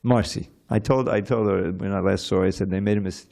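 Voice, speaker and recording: A man teaching a scripture class at a temple in a conversational, digressive way, with soft chuckles. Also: low voice, fairly even intonation, fairly quick, gravelly. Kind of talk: informal scripture lecture.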